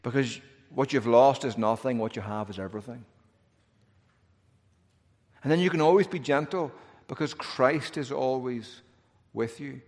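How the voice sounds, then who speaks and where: A male pastor preaching a sermon earnestly, building to emphatic peaks and dropping to a hush in prayer. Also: mid-range voice, unhurried. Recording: long reverb of a large hall.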